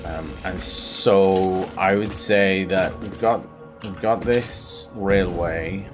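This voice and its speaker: A game streamer with a Northern Irish Belfast accent rambles through self-mocking commentary as he plays a video game, bursting into silly noises. He speaks very slowly in a low, steady voice, with music playing underneath.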